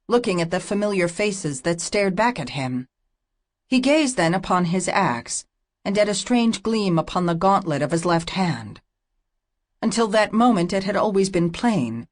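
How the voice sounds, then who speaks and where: A woman narrating a fantasy audiobook in a steady, measured storytelling manner. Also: lowish voice.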